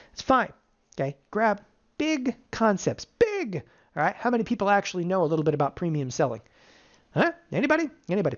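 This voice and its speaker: Energetic middle-aged trading teacher, lo-fi audio. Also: mid-range voice. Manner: energetic, fires rhetorical questions at the audience. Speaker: options trading instructor. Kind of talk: live webinar teaching. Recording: dull lo-fi webinar audio.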